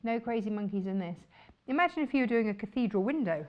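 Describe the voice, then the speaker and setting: A woman's voice: mid-range voice, expressive, fast talker, lo-fi sound. A woman presenting fabrics on a shopping channel, chatty and enthusiastic. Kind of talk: chatty live sales presentation.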